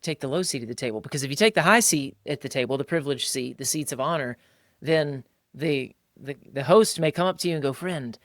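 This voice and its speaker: A man's voice: fairly high pitch, brisk, a bit bright, no echo, clean studio sound. A man co-hosting a casual podcast, talking colloquially, calling people "bro" and mimicking others' voices when he quotes them. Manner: colloquial, calls listeners "bro". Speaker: podcast co-host.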